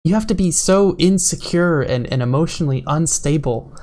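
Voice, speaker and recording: A woman's voice: sits low, expressive, mellow. Blunt, exasperated woman vlogger. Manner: blunt, profane, exasperated, halting with fillers. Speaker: political commentary vlogger. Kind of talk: casual opinion commentary.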